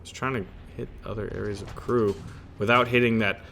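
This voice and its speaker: A man talks through his match in a loose, joking way, cursing when things go wrong. His voice is bright and forward, with a faint hiss of noise in the background. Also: lowish voice, steady tone, brisk, creaky. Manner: chatty, joking, swears freely. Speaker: gameplay commentator. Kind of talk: casual gameplay commentary.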